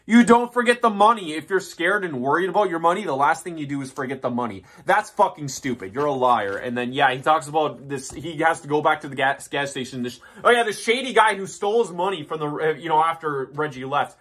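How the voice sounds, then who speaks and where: A man's voice: fairly high pitch, animated, a little fast, hardly any pauses, a bit bright. A man reading a list in a mocking, profane rant, with rambling asides and restarts. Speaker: commentary YouTuber. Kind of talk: ranting commentary.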